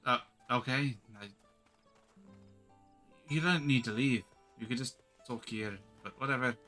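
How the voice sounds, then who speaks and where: A man's voice: mid-range voice, unhurried, long pauses, pushed and bright, soft background music. A man streaming a video game, making offhand, joking comments between dialogue reads. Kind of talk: casual gameplay commentary.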